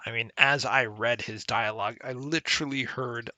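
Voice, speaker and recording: Bright-voiced man narrating gameplay. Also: medium pitch, fairly even intonation, slow, dry recording. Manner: conversational, explains game mechanics with occasional laughs. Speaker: let's play commentator. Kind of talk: casual gameplay commentary.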